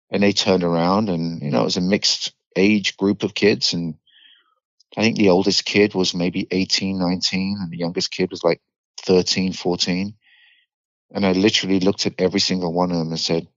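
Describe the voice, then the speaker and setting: A man's voice: deep voice, level tone, normal speed, no echo. A middle-aged man from the United Kingdom with a British accent, a podcast guest telling a story bluntly and vividly, swearing freely. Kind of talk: candid storytelling in a podcast interview. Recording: slightly dull dry recording.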